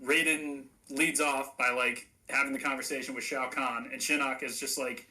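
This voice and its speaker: A man co-hosting a casual movie review podcast, recapping the plot with relaxed, dry humor. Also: mid-range voice, normal speed, few pauses. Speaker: podcast co-host.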